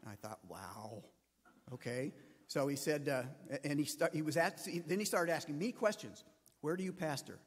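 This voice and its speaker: A man's voice: a little high, moderate pace, husky, long reverb tail. A man, a pastor, preaching a sermon and telling a story, acting out the voices of the people in it. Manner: storytelling, acts out quoted voices.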